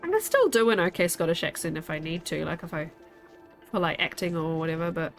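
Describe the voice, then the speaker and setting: A woman's voice: on the low side, lively intonation, fairly quick, faint music behind. A woman, chatting casually while streaming a game and rambling as she answers her chat.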